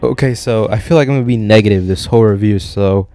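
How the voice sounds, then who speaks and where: A man's voice: lowish voice, quick pace, mellow, faint music behind. A young man giving a loose, rambling film review in a casual spoken style, swearing freely. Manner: profane, rambling, loose and chatty.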